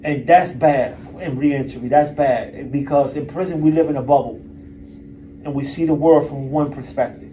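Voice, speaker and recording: A man's voice: mid-range voice, steady tone, normal speed, warm tone. A man in his fifties speaking as a guest speaker at a university event. He talks candidly and bluntly to the audience and swears casually. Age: 50s. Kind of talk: candid personal talk to an audience. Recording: distant mic with faint background noise.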